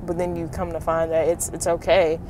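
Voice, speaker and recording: A woman's voice: fairly low pitch, completely flat delivery, brisk, noisy background. A woman, a student, speaking earnestly and self-reflectively in an interview. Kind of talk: casual interview talk.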